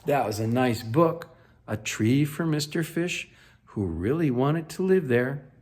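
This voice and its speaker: A lively, unhurried man reading a picture book aloud. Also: mid-range voice. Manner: expressive, with playful sound effects. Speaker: children's book reader. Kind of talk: storybook read-aloud.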